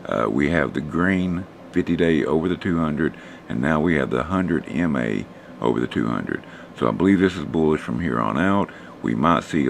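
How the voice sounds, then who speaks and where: A man, hoarse and losing his voice, casually talking through stock charts for a live stream audience. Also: extremely low pitch, slight background noise. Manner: relaxed, rambling, talks to chat viewers.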